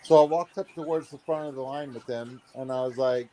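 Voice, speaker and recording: The aquarium vlogger, in his thirties, talks briskly in a mid-range voice with few pauses. He animatedly acts out the people in his story and uses lots of fillers, and there is slight background noise.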